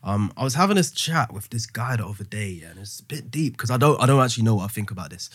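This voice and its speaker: A man's voice: mid-range voice, animated, fast, fairly bright tone, breathy edge. A man in a casual podcast discussion, reflecting tentatively and filling with "like" and "you know". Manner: reflective, tentative, many likes and you knows.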